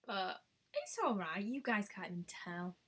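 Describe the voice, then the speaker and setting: A woman's voice: mid-range voice, expressive, moderate pace, breathy edge. A young woman chatting casually on a live stream as a beauty vlogger, thinking aloud and exclaiming often. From United Kingdom.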